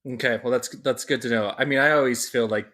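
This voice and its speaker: A man co-hosting a podcast who asks questions in a casual, unhurried way with halting restarts. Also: medium pitch, steady tone, pushed and bright. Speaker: podcast co-host. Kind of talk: casual chat.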